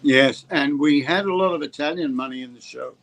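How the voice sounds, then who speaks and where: An older Australian actor being interviewed, telling anecdotes in a rambling way with plenty of ums and restarts. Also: male voice, a little high, fairly quick, rough recording. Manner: warm anecdotal, hesitant with ums. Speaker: actor guest. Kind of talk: interview storytelling.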